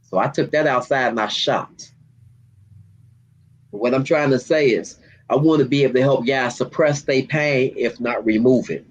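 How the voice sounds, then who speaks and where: Husky man telling a heartfelt story. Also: mid-range voice, moderate pace, dull audio. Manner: heartfelt, storytelling, street slang. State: holding back tears. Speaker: guest, community activist. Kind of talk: emotional interview talk.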